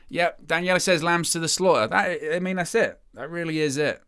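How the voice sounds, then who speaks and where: A man's voice: fairly high pitch, brisk, few pauses, a bit bright, clear, resonant tone. A young man hosting a live football watch-along, rambling and glum about his team's play. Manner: dejected, rambling, self-mocking. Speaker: match watch-along host.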